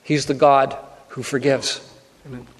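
A man's voice: mid-range voice, little pitch movement, unhurried. A man preaching a sermon, earnest and repeating his key phrases for emphasis. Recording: long hall reverb.

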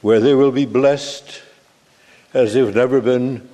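A man delivers a sermon at a very slow, deliberate pace. His tone is mellow and dark, and long reverb from the church hall hangs behind his words. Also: medium pitch, steady tone. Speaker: preacher.

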